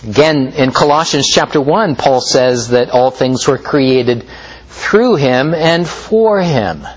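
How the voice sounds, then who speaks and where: A man preaching a sermon in a slow, measured way, rising and falling as he stresses points. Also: dull audio. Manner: slow, measured preaching with lively pitch swings.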